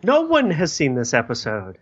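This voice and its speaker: A man's voice: a little high, wildly swooping pitch, normal speed, slightly rough. A man chatting and joking at a tabletop game, teasing his friends, on a dull lo-fi recording. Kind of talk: casual tabletop game chat.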